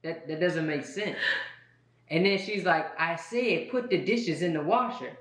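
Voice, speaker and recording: A man playing a couples game on a vlog, an animated storyteller who acts out quotes and laughs easily. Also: fairly high pitch, a little slow, echoey room, slight background noise. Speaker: couple vlogger.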